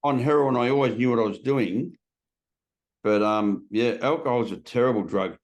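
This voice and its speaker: A man's voice: mid-range voice, moderate pace. A man in his sixties with an Australian accent, a podcast guest telling vivid stories in a blunt, slangy way. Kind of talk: conversational storytelling.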